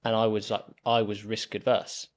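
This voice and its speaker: A man's voice: on the low side, flat delivery, normal speed. A man, talking through his story as a guest on a podcast interview. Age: 30s. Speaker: property investor guest.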